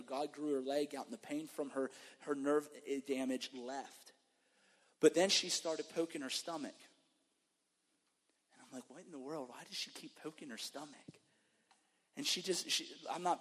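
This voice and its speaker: A man preaching as a guest pastor, moving from emphatic sermon to an animated testimony story. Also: fairly high pitch. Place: church sanctuary. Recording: long reverb of a church hall.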